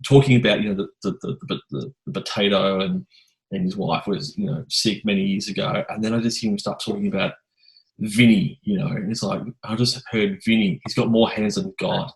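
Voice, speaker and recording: A podcast host with a fairly low voice. He rambles through anecdotes in a relaxed, chatty interview, full of restarts and lively asides. It sounds like easygoing conversation between fellow drummers. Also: a little fast, low-quality recording. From Australia. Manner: rambling anecdotal storyteller, animated. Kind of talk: casual interview chat.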